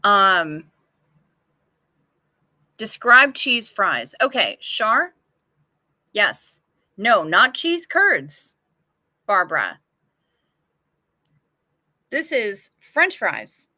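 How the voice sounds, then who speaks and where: A woman's voice: mid-range voice, very animated, drawn-out words, pauses often, pushed and bright, no room sound. A woman hosting a casual livestream, chatting frankly and swearing freely as she answers viewer comments. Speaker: livestream host.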